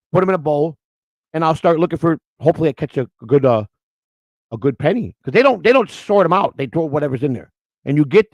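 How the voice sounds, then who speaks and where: A man co-hosting a morning show, telling stories in loud, outspoken casual chat. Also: on the high side, vocal fry, dry recording. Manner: loud, outspoken, animated storyteller.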